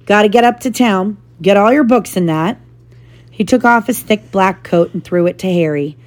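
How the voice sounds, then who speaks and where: A woman reading a novel aloud to her child, lively and animated, with brief asides. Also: mid-range voice, normal speed.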